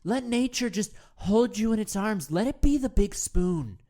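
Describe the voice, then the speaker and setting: A woman with a mid-range, mellow, natural voice speaks in an expressive, unhurried way. She hosts an improvised comedy meditation show as an earnest, rambling male self-help guru whose speech is riddled with stammered restarts.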